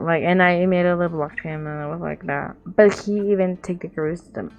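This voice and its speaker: A woman's voice: on the low side, steady tone, a little fast, hardly any pauses, highs cut off, faint music behind. A young woman with a Latin American accent, telling a rambling storytime in casual chat, repeating herself and acting out the people she quotes. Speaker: vlogger.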